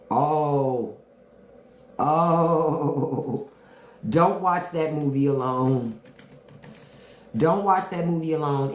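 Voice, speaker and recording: Animated profane woman in an echoey room. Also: deep voice. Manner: animated, profane, repeats lines for emphasis. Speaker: livestream host. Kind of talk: casual livestream chat about movies.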